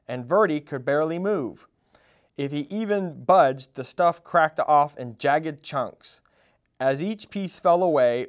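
A man reading a children's storybook aloud at a storytime, in an expressive, animated way. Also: a little high. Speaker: storytime reader.

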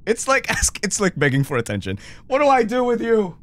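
A man streaming a party game with viewers, loud and laughing, swearing freely and swinging between shouts and mutters. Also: sits high, huge pitch swings, fairly quick. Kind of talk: casual gaming stream chat.

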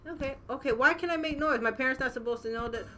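A young woman playing a horror game and reacting out loud, profane and jokey as she goes. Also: high voice, fast talker, slight background noise. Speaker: gaming channel host.

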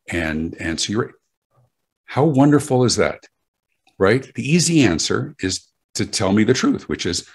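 A man's voice: fairly low pitch, animated, normal speed, slightly rough. A man answering interview questions about customer service, emphatic and full of anecdotes, often restarting his words. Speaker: guest speaker on customer service.

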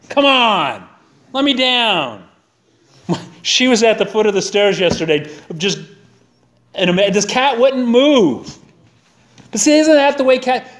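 A middle-aged male pastor preaching in a church sanctuary. He keeps the sermon folksy and conversational, with a fairly high voice for a man.

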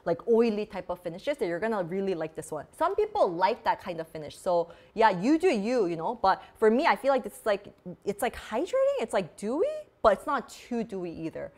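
A woman's voice: mid-range voice, very animated, fairly quick, a little mellow. A woman hosting a beauty vlog, chatting casually and bubbly while demoing products, with lots of "like" fillers. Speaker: beauty vlogger host. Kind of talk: casual live product demo chat.

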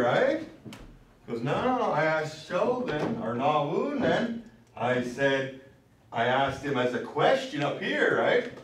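A patient language instructor teaches a classroom lesson, explaining vowels and word patterns and quizzing his students along the way. His voice is a little high and a bit bright, recorded from a distance in a roomy classroom with a little hiss or hum.

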